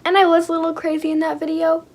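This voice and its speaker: Excitable high-voiced young woman unboxing. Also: fast talker, slight background noise. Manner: gushing, excitable, many fillers and gasps. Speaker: vlogger. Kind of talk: squishy unboxing vlog.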